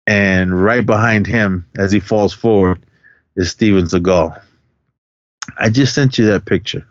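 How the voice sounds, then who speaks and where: A man's voice: fairly low pitch, a little slow, no room sound. A man co-hosting a podcast, rambling through a film recap in casual chat, laughing often and filling gaps with "uh". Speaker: podcast co-host. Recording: dry, dull lo-fi sound.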